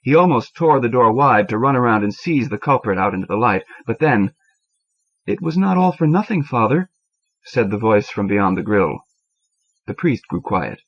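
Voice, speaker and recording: A man reading a short story aloud, measured and expressive. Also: fairly low pitch. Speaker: audiobook reader. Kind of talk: scripted narration. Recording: dull lo-fi cassette audio.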